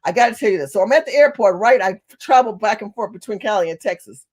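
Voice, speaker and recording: A woman telling a story to her camera in an animated, emphatic rant, with some cursing. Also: mid-range voice, quick pace. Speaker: vlogger. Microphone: phone or camera facing her.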